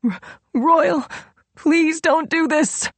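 A woman voicing a terrified, desperate woman who howls and pleads in a high, strained voice. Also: moderate pace, creaky, warm tone, slightly rough, no room sound, full character voice. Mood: pleading. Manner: shrill, howling, pleading. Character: terrified, desperate adult woman fighting back.

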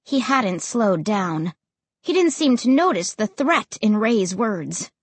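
Woman audiobook narrator, husky tone, lively expressive pitch. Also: takes it slowly, no room sound. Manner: expressive storytelling. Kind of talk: first-person audiobook narration.

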